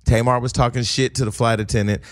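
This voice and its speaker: A man's voice: mid-range voice, fast. A man, casually telling a long funny story on a podcast and acting out the voices of the people in it. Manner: animated, acts out quoted voices, laughs while telling.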